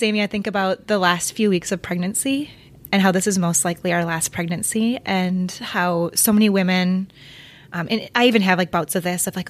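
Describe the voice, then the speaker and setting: A chatty, emotionally expressive woman co-hosting a casual podcast about motherhood. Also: on the low side, brisk. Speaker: podcast co-host.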